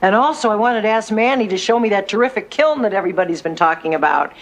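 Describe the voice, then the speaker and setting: A woman's voice: medium pitch, animated, quick pace, close to an everyday voice. An actress playing a bubbly woman who coaxes a friend with eager dating advice in a sitcom. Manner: eager, coaxing. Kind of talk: sitcom acting.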